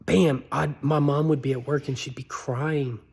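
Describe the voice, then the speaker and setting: A man speaks in an earnest, pleading monologue, telling his own story. His voice sits a bit on the high side and climbs well higher when he begs. The delivery is heartfelt and direct. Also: fairly even intonation, a little slow, creaky, a little mellow, breathy edge. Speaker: motivational speaker.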